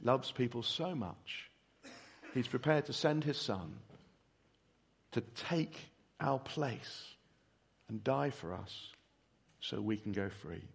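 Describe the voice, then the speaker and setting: A man preaching earnestly, pleading with listeners, then leading a slow prayer and answering a question. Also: medium pitch, lively intonation, creaky, slightly rough. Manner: earnest, pleading, with soft drops and emphatic rises. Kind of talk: sermon with prayer and Q&A.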